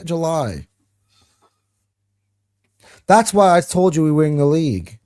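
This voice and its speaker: A slightly high-pitched man with a dark, mellow tone hosts a fan chat show. He rambles with excitement, swears freely and restarts sentences as he goes. He keeps an easy, casual flow throughout. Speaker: host of a football fan reaction show.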